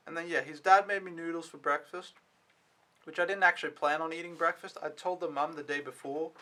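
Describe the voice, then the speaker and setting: A man's voice: fairly high pitch, fairly even intonation, brisk, bright, forceful tone. A young man recapping his week as an au pair in a casual, rambling vlog, swearing now and then when annoyed. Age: young adult. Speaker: au pair vlogger.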